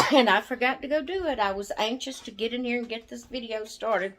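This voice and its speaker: A woman's voice: on the high side, fairly bright tone, soft background music. A woman chatting casually to camera as a vlogger, a little out of breath from asthma and easily sidetracked. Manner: slow, chatty, easily distracted. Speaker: doll channel vlogger.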